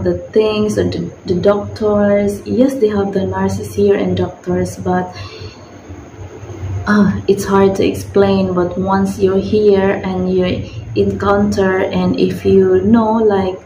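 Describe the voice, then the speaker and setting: Filipina woman, filipino accent, slow unhurried talk, echoey room, noisy background. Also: lowish voice. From Philippines. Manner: rambling, many fillers and restarts. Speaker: vlogger. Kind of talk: casual advice vlog.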